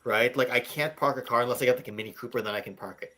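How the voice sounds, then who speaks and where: A man's voice: mid-range voice, fairly even intonation, rapid-fire, crowd noise. A man chatting casually over a video call, stammering and repeating words as he mocks himself. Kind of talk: casual group chat.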